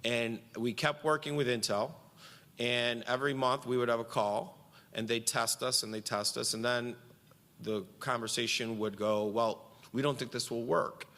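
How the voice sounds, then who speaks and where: A man's voice: medium pitch, fairly even intonation, normal speed, pushed and bright, in a large hall. A man giving a conference speech from Central New York, telling a story and quoting himself and others with animation.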